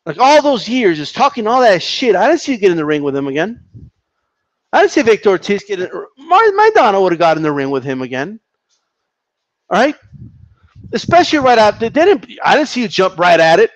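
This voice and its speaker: A man with a fairly high voice rants heatedly about boxing, swearing freely and circling back over the same points. He reacts to a live chat as he goes. The sound is dry and a bit dull, like a cheap home mic. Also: wildly swooping pitch, a little fast, dry recording. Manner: profane, heated, repetitive. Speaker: boxing commentator reading chat. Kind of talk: casual live-stream rant.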